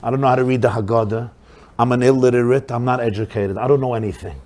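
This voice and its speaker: A man's voice: fairly even intonation, fast talker, close to an everyday voice. A man doing a remorseful drunk father. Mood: humble. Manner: low, subdued confession that rises to loud pleading prayer.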